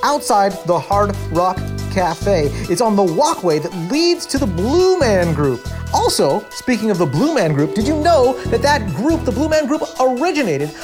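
Dude doing a chirpy newsman voice, kinda high, bouncy, music in the back. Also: big pitch swings, normal speed, hardly any pauses. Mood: perky. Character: chirpy male local news reporter. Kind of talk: parody news segment. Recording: music bed behind.

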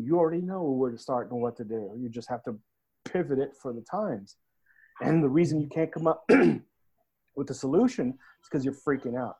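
A man talks in an easy, casual way, coaching his listeners on handling stress. He tells stories and acts out the people he quotes, and his voice sits at an ordinary middle pitch. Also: animated, normal speed, mellow, husky, low-quality recording. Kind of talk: casual podcast talk.

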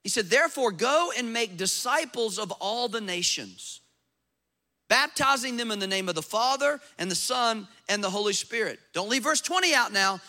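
A man, a pastor preaching a sermon in a church, acting out doubters' voices as he goes. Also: normal speed. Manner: animated preaching, acts out skeptics in a high voice.

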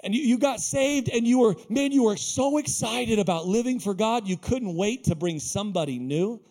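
A male pastor giving a sermon in a small church, animated and jokey, acting out the lines he quotes. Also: high-pitched, moderate pace.

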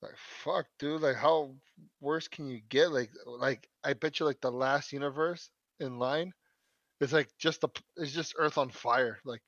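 A man's voice: medium pitch, unhurried, a bit bright, no room sound, highs cut off. A man co-hosting a podcast in casual chat, slangy and profane, often tacking on "man.". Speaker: podcast co-host.

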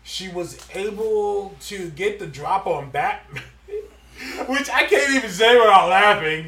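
High bright-voiced guy riffing on a podcast, lots of pitch swings, roomy echo. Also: slow, distant mic. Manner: animated, laughs often, emphatic. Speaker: podcast co-host. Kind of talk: casual chat.

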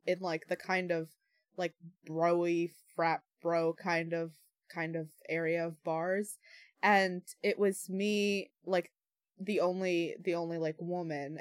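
A woman's voice: fairly low pitch, no room sound, studio quality. A young adult woman in casual chat, telling anecdotes frankly with many "like" fillers.

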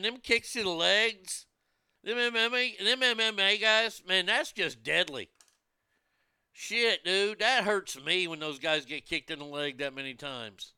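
A man talking in a loose, rambling chat, swearing freely and tripping over his own words. His voice is gravelly with fry, yet bright and crisp. The sound is close and dry, with no room around it. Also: high-pitched, dry recording. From United States. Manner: profane, blunt, rambling with many restarts.

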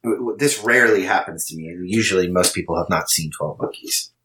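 A man chats as a podcast guest in a relaxed way, full of ums and stumbling restarts as he winds through a story. His voice sits in a roomy, echoing space with a faint hiss under it. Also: low voice, brisk. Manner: rambling storyteller with many fillers and restarts. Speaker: guest, TV writer-producer. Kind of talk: casual podcast chat. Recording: roomy echo with faint noise.

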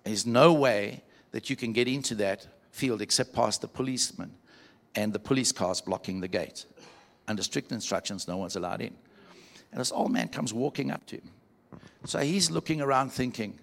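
A man preaching to a church, telling a story with animated quoted voices. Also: medium pitch, moderate pace, vocal fry. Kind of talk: sermon storytelling.

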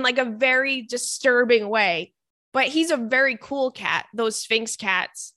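A woman's voice: a little high, slow pace, pushed and bright, no room sound, clean studio sound. A young adult woman hosting a podcast, chatting casually and animatedly, with casual swearing. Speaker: podcast host. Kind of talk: casual chat.

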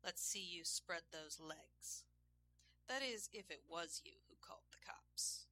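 A woman's voice: lively intonation, slow, sharp tone, exaggerated voice. Woman putting on a dominant murmuring man. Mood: teasing, commanding. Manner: low, murmured and partly whispered. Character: commanding adult man, teasing and dominant.

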